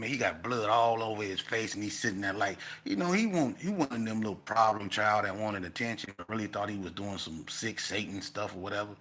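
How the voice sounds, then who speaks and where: A man telling a casual storytelling monologue, animated and profane, breaking into loud outbursts. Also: lowish voice. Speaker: vlogger telling stories.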